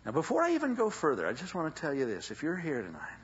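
A man preaches a sermon as a dramatic, animated storyteller sprinkling in folksy asides. His voice is high, fast, and slightly rough, captured in a dull lo-fi recording.

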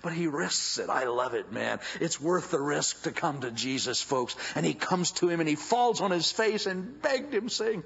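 A man preaching a sermon as a dramatic, animated storyteller with folksy asides, in a dull lo-fi recording. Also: fairly high pitch, moderate pace, vocal fry, few pauses, breathy edge.

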